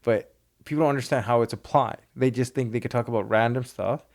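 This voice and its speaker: A man, a criminal lawyer, talking casually in an interview and acting out exchanges with police. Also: mid-range voice. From Sri Lanka. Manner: fast, animated, acts out police exchanges.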